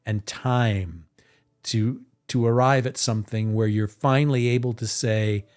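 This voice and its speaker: A man's voice: mid-range voice, unhurried. Man chatting casually on a live stream. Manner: rambling and animated, acting out his own reactions. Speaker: tarot deck artist hosting a live stream.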